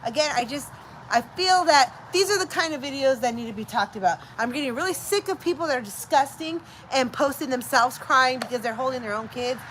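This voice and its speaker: Woman, middle-aged, fast-talking, lively storyteller, noisy background. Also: high-pitched. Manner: animated, acts out quoted voices, mixes in Spanish. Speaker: host. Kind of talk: casual chat, storytelling.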